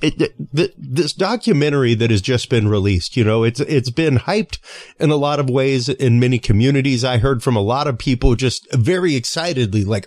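A man's voice: medium pitch, animated, darkish tone, no room sound. A man hosting a podcast, reading sponsor plugs and then chatting with a guest, often restarting with fillers. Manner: halting, many fillers and restarts. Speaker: podcast host. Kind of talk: casual interview chat.

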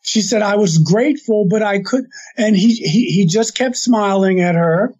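A man's voice: high voice, normal speed, darkish tone, breathy edge. A man casually retelling a story he was told, rambling with restarts and quoting the other person's words. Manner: rambling, with restarts and quoted dialogue. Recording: dull lo-fi sound.

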